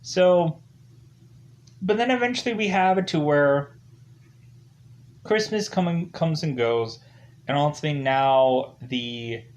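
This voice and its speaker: A man's voice: a little high, slow, pauses often. Rambling man giving a casual film review. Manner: rambling, leans heavily on "ultimately" and "like" as fillers; loosely acts out characters' lines in quotes.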